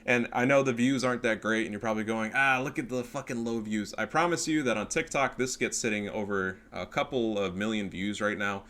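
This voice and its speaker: A man's voice: lowish voice, fairly bright tone. A man giving casual, crude and joking commentary over a strategy game match. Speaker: gameplay commentator.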